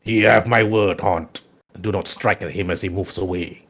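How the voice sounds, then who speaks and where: A man doing a low, cold Sith master. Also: steady tone, moderate pace, fairly bright tone. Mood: commanding.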